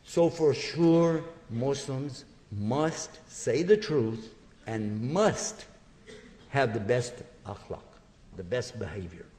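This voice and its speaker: A man giving a religious lecture to an audience, telling stories in a lively way and acting out small dialogues. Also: mid-range voice, slow. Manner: animated storytelling, acting out little dialogues. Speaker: Islamic lecturer. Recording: long hall reverb.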